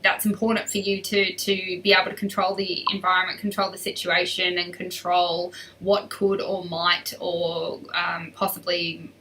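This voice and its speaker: A woman's voice: fairly low pitch, little pitch movement, normal speed, hardly any pauses, sharp tone, distant mic, low-quality recording. A woman riding coach hosting a live stream, chatty and upbeat as she reads out and answers viewer questions.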